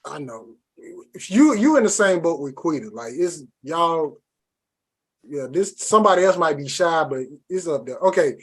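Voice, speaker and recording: A man hosting a podcast who leads the questions in casual chat. His voice sits slightly high for a man, and he talks in a laid-back, hesitant way. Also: sing-song, normal speed, breathy edge. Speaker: podcast host.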